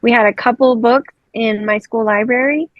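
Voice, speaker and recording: A woman's voice: on the high side, fairly even intonation, normal speed, no echo. A woman hosting a podcast, chatting casually and responding with enthusiasm. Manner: enthusiastic, affirming. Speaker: podcast host. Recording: dull dry remote audio.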